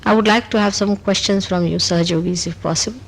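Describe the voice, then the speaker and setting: A woman's voice: fast, creaky, poor audio. A woman with an Indian accent gives a spontaneous spiritual talk on an old tape recording, answering questions emphatically and repeating "you see". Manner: animated and emphatic, pitch rising on key points; speaks in short repeated phrases with "you see". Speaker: spiritual teacher.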